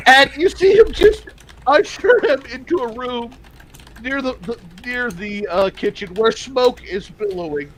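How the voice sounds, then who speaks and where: A game master tells the scene in an unhurried way. The voice moves up and down with energy and often stumbles over repeated words. There is a light hiss behind it. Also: sits high, rough recording. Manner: animated, stumbling restarts. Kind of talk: narrating a tabletop game.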